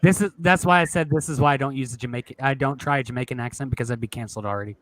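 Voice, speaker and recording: A man's voice: mid-range voice, rapid-fire, a bit bright. A man from Canada hosting a casual group chat, swearing and laughing at himself as he talks. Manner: swearing, laughing, self-mocking. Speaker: livestream host.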